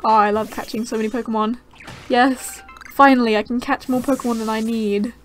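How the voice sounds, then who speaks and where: A young woman giving casual, excitable gameplay commentary, gasping and chattering to the creatures on screen. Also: fairly high pitch, fairly quick, faint music behind. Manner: bubbly, gasping, easily excited. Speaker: gaming channel host.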